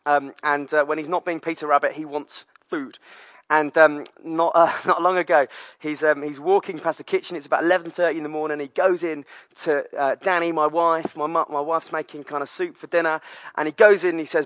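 Brit pastor, 30s, bright voice, dry close sound, tells stories in a sermon. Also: male voice, on the high side, a little fast, dry recording. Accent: British English. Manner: storytelling, lively, many fillers.

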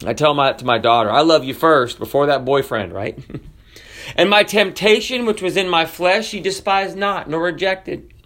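Impassioned man preaching a sermon. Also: a bit bright. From United States. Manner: varies pitch and pace widely, rising for emphasis and slowing on key phrases. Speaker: pastor. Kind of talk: sermon with scripture reading.

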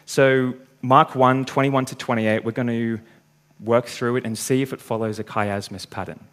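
A man's voice: mid-range voice, fairly even intonation, normal speed, a bit bright. A man preaching a sermon, working through a passage step by step and reading the scripture aloud.

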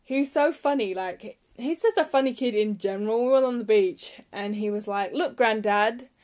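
A woman's voice: mid-range voice, moderate pace, warm tone. A young woman hosting a casual solo podcast, rambling and chatty and turning heated when she rants. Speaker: podcast host.

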